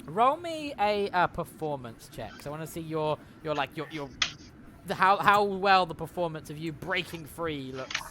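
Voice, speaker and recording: A man runs a tabletop game in a loose, rambling way, often stopping to correct himself. His voice sits a little high for a man. A clear layer of noise runs under the recording. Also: very animated, normal speed. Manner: rambling, chatty, self-correcting. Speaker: game master. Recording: noisy recording.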